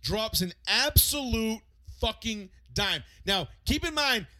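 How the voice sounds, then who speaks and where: An excitable man with a high, lively voice tells a story in casual chat. He is bright and forceful, swears freely and bursts into loud re-enactments. The sound is dry and close. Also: slow, no room sound. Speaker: podcast co-host.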